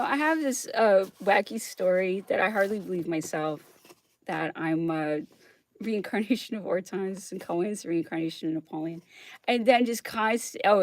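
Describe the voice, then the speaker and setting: A woman with a mid-range, slightly mellow voice hosts an astrology show, chatting casually in a monologue. She laughs a lot as she talks and keeps her listeners engaged by checking in with "okay?"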